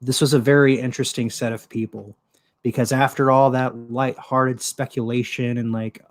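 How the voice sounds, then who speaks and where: Guy rambling on his own stream, swears a lot, pretty monotone, mid pitch, desk mic w pop filter. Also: normal speed. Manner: rambling, profane, lots of fillers. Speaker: show host. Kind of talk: casual solo commentary. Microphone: desktop microphone with pop filter.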